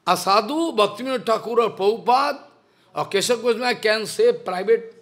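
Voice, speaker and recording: In this devotional lecture, an older male spiritual teacher scolds with passion, returning again and again to rhetorical questions. He talks a little fast in a high-pitched, fairly bright voice.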